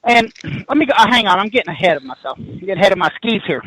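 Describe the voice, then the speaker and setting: A man in his fifties, a podcast guest, telling a spooky story in an animated, excitable way, restarting sentences and laughing as he goes. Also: high voice, very fast, breathy edge, no room sound, rough recording. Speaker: guest paranormal investigator.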